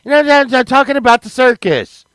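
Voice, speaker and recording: A man telling a rambling, profane comic story, swinging between loud excited bursts and low mutters. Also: fairly quick, clean tone, no echo, poor audio. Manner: profane, rambling, animated, with sudden drops to mutters.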